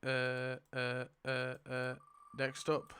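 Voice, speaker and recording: A young man commenting casually as he spins a wheel, excitable, laughing often and swearing. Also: medium pitch, drawn-out words, smooth. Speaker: YouTuber spinning a wheel. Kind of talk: casual commentary while playing.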